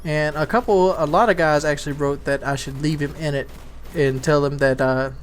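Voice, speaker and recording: This YouTube commentator has a man's voice on the high side, with a steady tone, normal speed, and a faint hiss or hum. His casual commentary rambles through a candid parenting story, repeating words and restarting often.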